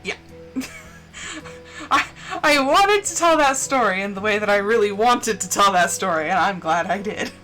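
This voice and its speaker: A woman's voice: medium pitch, lively intonation, moderate pace, pauses often, fairly bright tone, faint music behind, rough recording. A woman streamer casually telling a story while gaming, swearing often and ranting with indignation.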